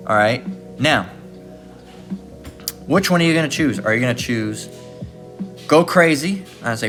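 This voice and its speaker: A man's voice: mid-range voice, expressive, moderate pace, long pauses, fairly bright tone, soft background music. A man teaching from scripture in a casual sermon, repeating "okay?" and "all right?" as he goes. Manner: informal, repetitive, keeps asking "okay?" and "all right?". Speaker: Bible teacher.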